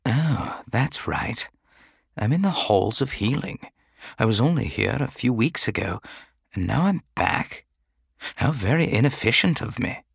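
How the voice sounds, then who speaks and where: A man's voice: lowish voice, very animated, slow pace, a bit bright, husky, dry recording, studio quality, heavily acted. A man voicing an injured male Jedi knight who speaks weakly but with urgency. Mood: wry. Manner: urgent, strained. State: weak, in pain. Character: wounded male Jedi knight, weak, worried.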